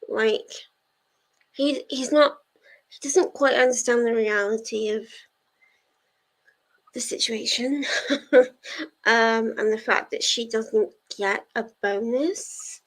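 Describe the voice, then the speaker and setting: A woman hosts a casual reading-sprint livestream, chatting with viewers, giggling and using lots of fillers. Her fairly high voice moves slowly, with frequent pauses.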